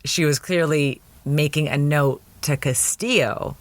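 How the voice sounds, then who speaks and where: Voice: medium pitch, unhurried, no room sound. A podcast host recapping a TV episode in casual chat, with frequent laughing, incredulous asides.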